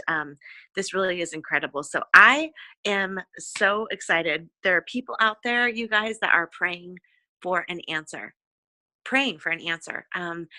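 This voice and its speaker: A woman's voice: fairly low pitch, bright, forceful tone, dry recording. A woman leading a sales team, giving an effusive, encouraging motivational talk on a conference call with many fillers. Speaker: direct sales team leader.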